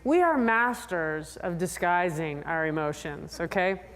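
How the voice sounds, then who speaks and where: A woman psychologist giving a lively, chatty talk to a convention audience, drawing answers from the crowd. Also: unhurried. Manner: animated, chatty, acts out riders in high voices. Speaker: sports psychologist presenter. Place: large convention hall. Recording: long hall reverb.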